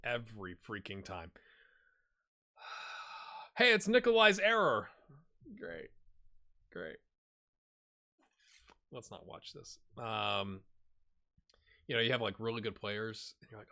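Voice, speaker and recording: Bright, chatty man in his forties. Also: on the low side, very animated, takes it slowly, long pauses. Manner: rambling, self-deprecating, chatty. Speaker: gaming YouTuber. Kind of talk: casual let's-play commentary.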